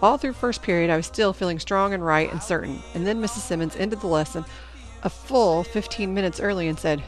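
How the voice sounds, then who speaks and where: A woman reading a novel aloud in first-person narration, with an even storytelling delivery. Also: on the low side, brisk, faint music behind. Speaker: audiobook narrator.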